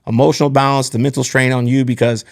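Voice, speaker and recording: A man with a gravelly, creaky edge to his mid-pitched voice, talking in a relaxed podcast chat. He tells stories from his working life in an earnest, candid way, as the show's host. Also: quick pace. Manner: candid, earnest storytelling about work. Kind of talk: casual podcast conversation.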